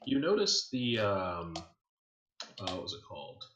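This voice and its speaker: Low-voiced guy game-mastering, lots of ums and likes, echoey room. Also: wildly swooping pitch, measured pace, a bit bright, slight background noise. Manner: casual, filler-heavy storytelling. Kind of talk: narrating a tabletop game.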